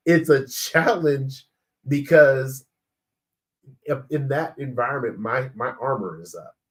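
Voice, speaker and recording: A married man in a casual group discussion, animated and acting out remembered exchanges with his wife. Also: medium pitch. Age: adult, married. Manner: animated, acts out quoted exchanges. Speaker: men's circle participant.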